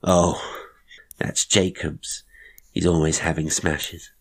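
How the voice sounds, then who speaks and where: A man's voice: low voice, level tone, slow pace, husky, full character voice. A man voicing a placid, evasive elderly lady of the house in a spoken ghost story. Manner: placid, offhand replies.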